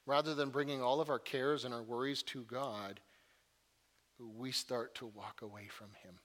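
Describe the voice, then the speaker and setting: A man's voice: mid-range voice, fairly even intonation, normal speed, fairly bright tone, long reverb tail. A man preaching a sermon in an earnest way, often repeating words and telling stories with animation.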